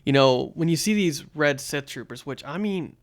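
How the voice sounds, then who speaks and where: A man's voice: a little high, lively intonation, normal speed. A young man co-hosting a casual podcast, rambling with lots of fillers and restarts. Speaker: podcast co-host. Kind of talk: casual chat.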